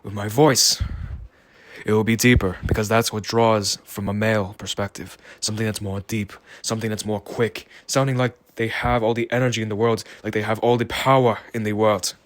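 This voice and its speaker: A man with a fairly low voice drifts through a reflective solo monologue, rambling and unhurried. He sounds tired and muses aloud at a slow, thoughtful pace. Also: flat delivery. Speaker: vlogger.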